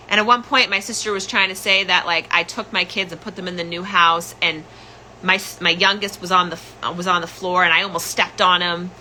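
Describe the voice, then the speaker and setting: A woman's voice: on the low side, fairly even intonation, brisk, pushed and bright, slight background noise, low-quality recording. A young adult woman hosting a podcast, telling a personal story in an emotional, candid way and repeating phrases for emphasis. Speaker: podcast host.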